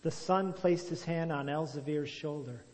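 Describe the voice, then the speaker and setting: A man's voice: on the high side, normal speed, darkish tone. Man telling a story in a hall. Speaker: storyteller and religious teacher. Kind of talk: reading a moral story aloud, then explaining it.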